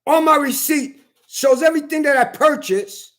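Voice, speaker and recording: A man with a fairly high voice delivers a heated monologue straight to his camera. He curses constantly and circles back over the same points as he vents. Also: moderate pace, fairly bright tone. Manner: heated, profane, repetitive venting. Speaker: vlogger. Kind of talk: angry ranting monologue.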